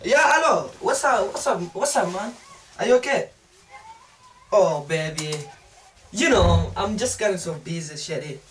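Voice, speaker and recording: A man acting a hot-tempered young man who yells, swears and threatens in an amateur comedy film. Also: sits high, expressive, a little slow, pauses often. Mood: sweet-talking. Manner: yelling and swearing, then crooning on the phone. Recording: distant mic with faint noise.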